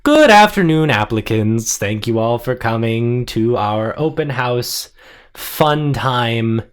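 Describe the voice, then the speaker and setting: A man's voice: medium pitch, lively intonation, takes it slowly, smooth. A man putting on a prim chipper lady tour leader. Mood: prim cheerful. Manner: prim, overly cheerful.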